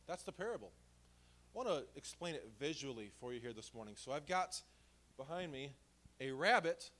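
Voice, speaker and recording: A man's voice: a little high, fairly bright tone. A male pastor preaching a sermon in a church, in a conversational, humorous storytelling way. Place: church sanctuary.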